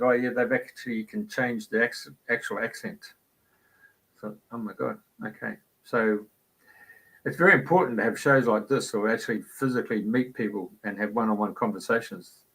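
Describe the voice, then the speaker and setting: A man's voice: mid-range voice, a bit bright, poor audio. A man hosting a radio talk show, telling a casual anecdote in a chatty way. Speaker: radio host. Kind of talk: casual storytelling.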